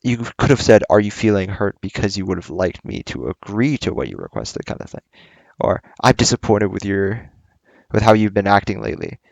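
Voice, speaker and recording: A man's voice: on the low side, very animated, brisk, creaky, dry recording, highs cut off. A young man hosting a casual book club talk, rambling and hesitant with many fillers and restarts.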